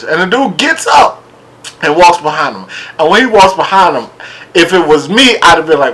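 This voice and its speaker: A man casually recapping and reviewing a TV episode, animated and laughing as he acts out what people said. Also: fairly high pitch, normal speed, slight background noise, low-quality recording. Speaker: show reviewer.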